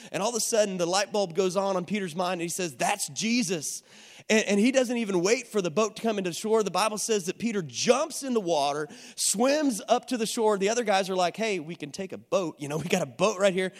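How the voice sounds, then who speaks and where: A man's voice: sits high, big-room sound. A man preaching a sermon in a conversational way, often asking the audience questions. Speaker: pastor.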